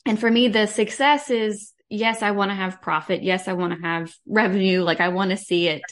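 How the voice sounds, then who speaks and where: A woman's voice: mid-range voice, steady tone, moderate pace, fairly bright tone. A woman who runs her own business, a podcast guest talking in an earnest, heartfelt way. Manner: earnest and heartfelt, talks about faith. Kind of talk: casual podcast conversation.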